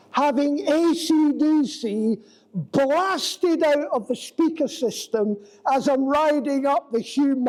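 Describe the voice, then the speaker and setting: A male preacher with an unusually high voice delivers his sermon in a church. He speaks at an unhurried pace and stretches his phrases for dramatic effect as he tells a story. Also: a little mellow, poor audio.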